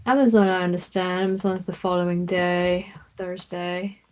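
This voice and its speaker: A woman's voice: on the low side, little pitch movement, normal speed, darkish tone, faint music behind. A woman co-hosting a live trading stream who chimes in with short remarks in casual chat. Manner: brief interjections.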